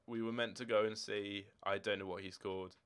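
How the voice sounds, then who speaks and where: A young man of eighteen talks casually on a game stream, wandering from one answer to the next. His voice sits a little low and sounds smooth and clean. He is from Scotland. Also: steady tone, fairly quick, fairly bright tone. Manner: rambling, chatty, answering chat questions as they come. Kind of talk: casual live-stream chat. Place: home room with football shirts and drawers.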